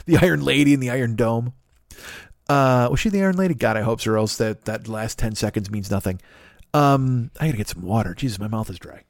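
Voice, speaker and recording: A man's voice: medium pitch, no room sound, clean studio sound. A man hosting a podcast, talking in a rambling, profane, self-mocking comic monologue. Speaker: podcast host.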